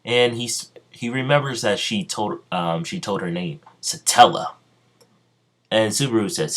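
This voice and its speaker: A man improvises a fan-fiction story aloud, in a fairly low voice. His delivery halts and restarts often, filled with ums, and his throat sounds strained. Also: expressive, a bit bright. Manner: halting, full of ums and restarts.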